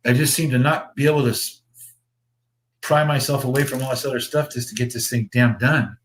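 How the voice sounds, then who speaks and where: A man's voice: mid-range voice, fairly even intonation, fairly quick, slight background noise. Rambling, swearing man at his workbench. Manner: rambling, profane, chuckling. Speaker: slot car builder and show host. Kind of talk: casual livestream chat.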